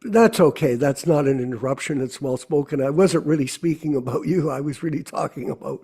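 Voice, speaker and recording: A man's voice: a little high, brisk, warm tone, husky. A man hosting an online devotional discussion, urging listeners earnestly and repeating phrases for emphasis. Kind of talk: exhortation to a video call audience.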